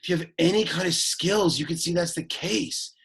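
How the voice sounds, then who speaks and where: A man voicing a sullen, awkward teenage boy who gives a Latin lesson, deadpan, whiny and easily annoyed. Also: on the high side, moderate pace, creaky, slightly rough, exaggerated voice. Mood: exasperated deadpan. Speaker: Latin teacher.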